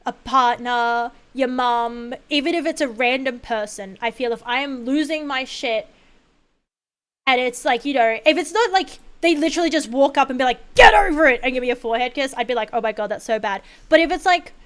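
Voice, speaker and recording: A woman streamer chatting casually while gaming, rambling and expressive, with lots of fillers and swearing. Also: high-pitched, a little fast, clean tone.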